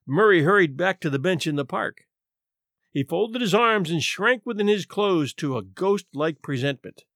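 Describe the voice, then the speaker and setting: Male audiobook narrator, expressive, slightly high voice. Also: dry recording, clean studio sound. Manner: expressive, measured storytelling.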